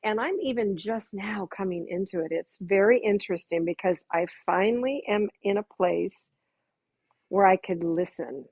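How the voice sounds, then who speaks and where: Husky woman, dry sound, casual animated storytelling, dull lo-fi audio. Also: mid-range voice, moderate pace, no room sound. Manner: animated, laughs often, acts out her own reactions. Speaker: guest.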